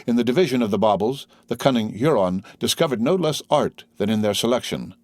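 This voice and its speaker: A man narrating an audiobook in an even, formal reading. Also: mid-range voice, fairly quick, dry recording. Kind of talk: scripted narration.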